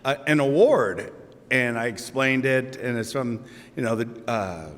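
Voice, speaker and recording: A man's voice: medium pitch, animated, unhurried, fairly bright tone. Emotional man speaking in a reverberant hall. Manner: emotional, storytelling, conversational with laughs. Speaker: award recipient. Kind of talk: acceptance speech.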